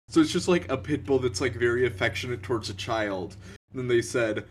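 Young male co-host, loose halting chat, laughs a lot, average pitch. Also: slight background noise. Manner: giggly, halting, lots of likes and ums. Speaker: podcast co-host. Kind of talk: casual chat.

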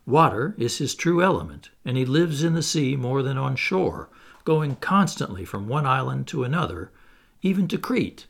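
Calm secretive sea captain, a guy reading him, gravelly edge, voice moves around a lot. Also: mid-range voice, moderate pace. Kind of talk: audiobook character reading.

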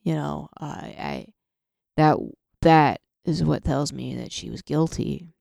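Woman, podcast host, solo rant, profane, halting restarts, gravelly fry, dry studio sound. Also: low-pitched, mellow, no room sound.

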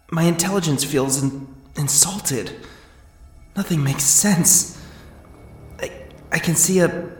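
A performer playing a weary young man under test, talking in a halting deadpan way. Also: medium pitch, lightly acted. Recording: roomy echo.

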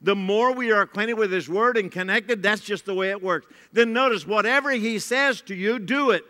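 A man's voice: high-pitched, moderate pace, sharp tone. A man pastor delivering a sermon, preaching emphatically to the congregation and repeating phrases for effect. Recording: long reverb of a large hall.

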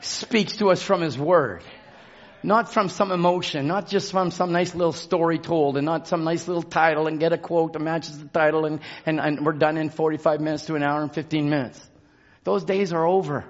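A man preaching a fervent sermon in a church, shouting and calling out to the congregation. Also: on the high side, fairly even intonation, moderate pace, highs cut off. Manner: shouting, call-and-response exhortation. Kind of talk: fervent Pentecostal-style sermon. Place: church sanctuary.

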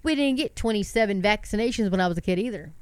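Middle-aged woman host, stuffy with a cold, smooth clear voice, dry close sound, fervent preachy commentary. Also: medium pitch, lively intonation, fast, darkish tone, no echo. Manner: impassioned, talks to her viewers as "folks", rhetorical questions. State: congested from a sinus cold. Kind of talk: preachy casual commentary, reading news aloud.

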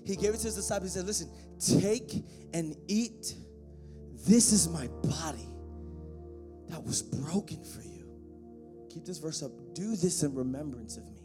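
A man preaching a sermon, joking with the congregation and swelling into shouted, half-sung passages. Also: on the high side, lively intonation, normal speed. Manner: joking asides to the band and congregation. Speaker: pastor. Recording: faint music behind.

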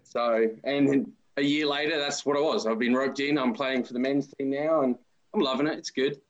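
Brief: forties Aussie bloke, relaxed storyteller, muffled remote audio. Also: male voice, medium pitch, moderate pace. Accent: Australian. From Australia. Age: 40s. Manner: friendly, relaxed anecdotal. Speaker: interview guest, amateur footballer. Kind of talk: casual interview storytelling.

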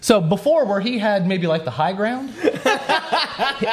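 A man's voice: high voice, unhurried, over a noisy crowd. A young man casually telling a funny story on a podcast, laughing as he goes and acting out the voices. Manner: animated, laughs while telling, acts out voices.

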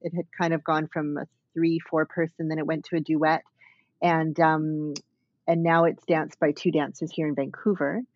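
A woman's voice: deep voice, level tone, moderate pace, no room sound, highs cut off. A woman dance artist talking thoughtfully as an interview guest, with many fillers and restarts. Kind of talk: reflective conversational interview.

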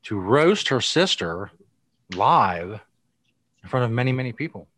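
A man's voice: medium pitch, very animated, measured pace, a bit bright, slight background noise. A man hosting a live stream, steadily announcing who speaks next. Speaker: host.

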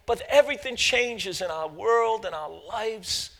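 High-voiced, bright male pastor preaching. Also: expressive, gravelly. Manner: builds from halting explanation to loud fervent preaching; many fillers and repeated words. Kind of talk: sermon.

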